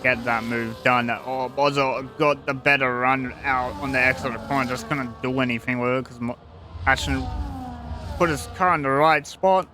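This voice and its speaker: A young man commentating an online sim race in a loose, casual way, often restarting his sentences. His voice is bright and clear, with faint noise in the background. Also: medium pitch, steady tone, normal speed. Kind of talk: live esports race commentary.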